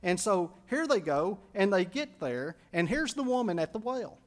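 A man's voice: high-pitched, very animated, normal speed. A man preaching a sermon, telling a personal story in an earnest, conversational way and acting out the people he quotes. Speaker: pastor.

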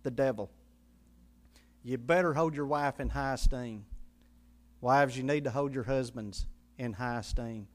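A man's voice: medium pitch, measured pace, pauses often. A man preaching a sermon in a church, folksy and conversational, joking with the congregation and spelling out Greek words letter by letter. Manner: folksy preaching with call-and-response and humor. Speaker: pastor.

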